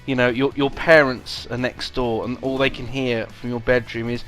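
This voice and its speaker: A man's voice: mid-range voice, little pitch movement, normal speed, fairly bright tone, soft background music. A man in a casual chat, telling an embarrassing story with giggles.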